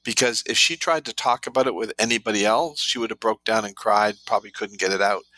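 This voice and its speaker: Man guest telling stories w quoted bits, bright punchy voice, dry sound. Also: lowish voice, fast, no room sound, poor audio. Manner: animated anecdotes with quoted dialogue. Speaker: guest, trauma therapy author. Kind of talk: storytelling interview talk.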